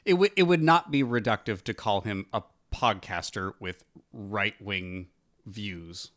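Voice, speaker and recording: A man's voice: lowish voice, measured pace, a bit bright. Wry, joking male podcast co-host. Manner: wry, joking, laughs often. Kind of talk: casual podcast banter.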